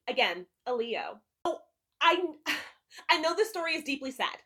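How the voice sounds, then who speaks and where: A woman vlogger talks straight to camera in a casual review, candid and emphatic, cursing without a second thought. Her voice sits a little high and rings bright and forceful. She leans hard on her words. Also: very animated, unhurried, pauses often. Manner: candid, swears freely, emphatic.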